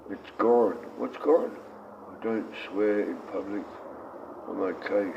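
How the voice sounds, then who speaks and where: A man's voice: fairly low pitch, slow, gravelly. Aussie guy in his 60s, rambling blunt live stream chat, kinda muffled audio, a bit of hiss. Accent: Australian. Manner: blunt, rambling, reads chat aloud and talks to his dogs. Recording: dull lo-fi stream audio with faint noise.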